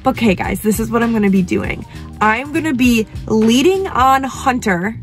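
A young woman hosts a vlog, speaking eagerly and chattily to the camera with background music behind her. Her voice is fairly high, lively in intonation, and delivered at a normal speed.

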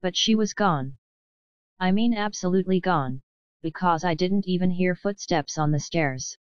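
A woman narrating a novel in the first person, in a measured storytelling manner. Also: lowish voice, smooth, dry recording, muffled recording. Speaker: audiobook narrator. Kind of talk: scripted audiobook narration.

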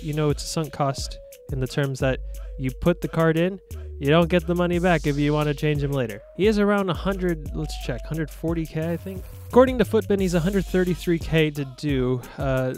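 A young man narrates his football gameplay in a casual, self-mocking way, breaking into excited shouts when the action heats up. His voice sits a touch higher than most men's. Faint music plays quietly behind him. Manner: playful, self-mocking, excitable bursts while playing. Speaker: gaming YouTuber.

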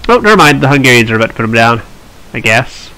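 A man's voice: medium pitch, sing-song, quick pace, pushed and bright, clean tone, low-quality recording. A man hosting a strategy game let's play, chatting and thinking aloud with wry asides. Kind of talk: strategy gameplay commentary.

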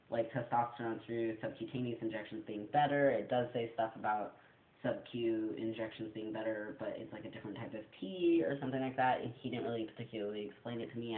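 Brief: nervous young male vlogger, fast and scattered, recorded thin and echoey. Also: medium pitch. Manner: fast, rambling, anxious, nervous laughs. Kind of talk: casual confessional vlog. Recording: tinny, echoey room recording.

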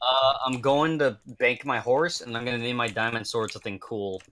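A man giving deadpan, rambling updates on a game voice call. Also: mid-range voice, normal speed. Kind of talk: casual gaming chat on a voice call.

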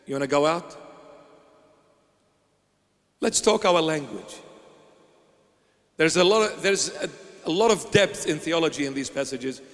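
Bishop guy preaching, high voice, asks and answers his own questions, big echoey church. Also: a bit bright. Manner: rhetorical questions answered by himself, slow emphatic delivery. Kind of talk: sermon.

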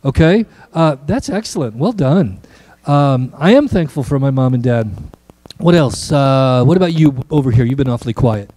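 A man's voice: mid-range voice, lively intonation, moderate pace, warm tone, no room sound. A man, a pastor giving a playful children's message in church and joking with the kids. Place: church sanctuary.

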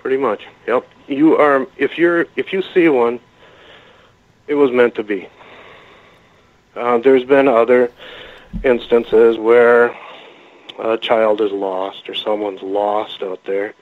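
A man being interviewed as a researcher, telling a story in a halting, rambling way with frequent restarts, heard over a phone call. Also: medium pitch, steady tone. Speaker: guest, cryptid researcher. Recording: phone-line call-in audio.

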